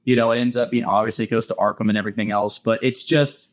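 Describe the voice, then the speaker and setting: A man's voice: on the low side, level tone, fast. A man co-hosting a podcast, eagerly retelling a cartoon episode in casual chat with many restarts. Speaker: podcast co-host.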